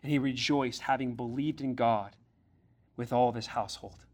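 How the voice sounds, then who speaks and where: A man of medium pitch and darkish tone preaches to a youth group at a moderate pace as their pastor. His delivery is earnest and direct, with blunt questions and the odd acted-out scriptural voice.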